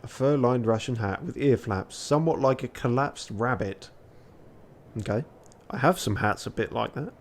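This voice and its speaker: A man's voice: normal speed, slight background noise. A tired man, a streamer muttering casual gameplay commentary, swearing now and then. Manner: low-key muttering, swears often. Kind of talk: casual gameplay commentary, reading game text aloud.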